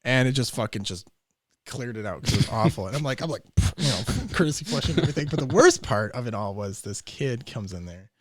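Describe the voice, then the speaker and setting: A young man, a podcast guest, telling a story in a loose, profane, animated way and acting out the voices. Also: mid-range voice, brisk. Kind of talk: casual storytelling.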